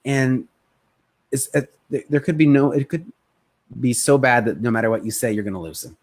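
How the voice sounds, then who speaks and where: A man coaching on sales in a casual live-streamed talk, energetic and conversational, acting out short bits of customer talk. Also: medium pitch, moderate pace. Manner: energetic, conversational, acts out prospects' voices.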